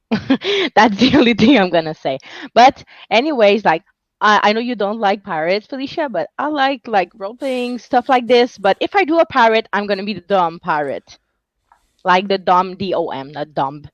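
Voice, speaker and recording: A woman's voice: mid-range voice, animated, normal speed, dry recording. Woman on a muffled call. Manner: frank, playful, nonnative grammar. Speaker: guest.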